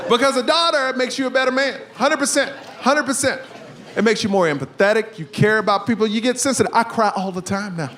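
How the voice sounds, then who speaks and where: A man performing a stand-up comedy set on stage, telling stories with sudden shouted punchlines. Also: very high voice, fast talker, crowd noise. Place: comedy stage before a live audience.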